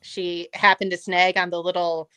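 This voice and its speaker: A woman's voice: lowish voice, little pitch movement, normal speed, bright, forceful tone, clean tone, no room sound. A woman chatting on a podcast, a giggly storyteller. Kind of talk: casual chat.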